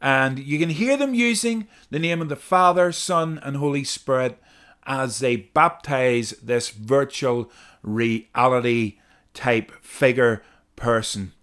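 A man's voice: mid-range voice, slow, a bit bright, clear, resonant tone. A man hosting a Christian podcast, earnestly explaining clips and reading scripture, repeating key phrases for emphasis. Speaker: podcast host. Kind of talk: podcast commentary.

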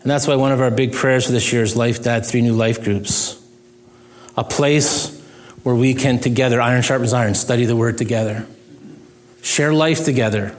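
A man's voice: mid-range voice, steady tone, normal speed. A middle-aged male pastor preaching a sermon in an earnest, conversational way, with self-deprecating humor.

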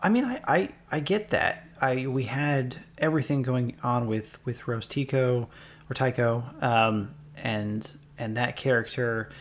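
A man co-hosting a casual podcast discussion, thinking aloud with a hesitant, halting delivery. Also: medium pitch, a little hiss or hum. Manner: hesitant, many fillers and restarts while thinking aloud. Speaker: podcast co-host.

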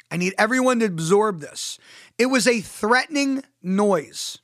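A man with a fairly high voice hosts a solo podcast monologue. The sound is dry with no room around it. He drives his points home to his listeners and keeps asking them rhetorical questions as he tells stories. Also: a bit bright, no echo. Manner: emphatic, addresses listeners directly. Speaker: podcast host.

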